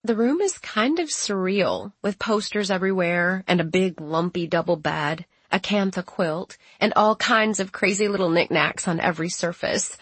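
A woman's voice: fairly low pitch, moderate pace, hardly any pauses, breathy edge, no echo. A woman narrating a first-person audiobook in a plain, conversational storytelling manner, close to the mic.

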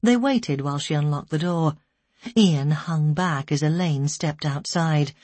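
A woman reading a story aloud in slow, somber scripted narration. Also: sits low, darkish tone, no room sound. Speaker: audiobook narrator.

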